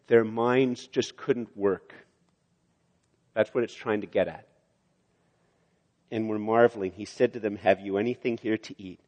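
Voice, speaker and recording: Older male preacher in an echoing hall. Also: fairly low pitch. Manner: animated, rises loud for emphasis, acts out quotes. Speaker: pastor. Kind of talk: sermon. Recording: long hall reverb.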